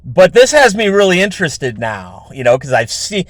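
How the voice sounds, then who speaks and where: A man's voice: high-pitched, big pitch swings, normal speed, a bit bright, no echo. A man hosting his own show, telling a story in a rambling, casual way with heavy swearing and lots of fillers. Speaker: show host.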